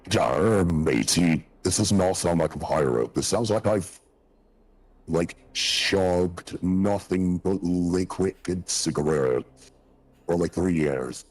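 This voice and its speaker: A very deep, gravelly smoker-voiced man. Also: slow, a little mellow. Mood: gruff. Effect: voice changer.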